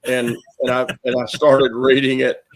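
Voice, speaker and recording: A man's voice: mid-range voice, flat delivery, moderate pace. A man with a Southern US accent, a minister hosting the show, talking in a folksy, joking way. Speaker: minister and host. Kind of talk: casual chat.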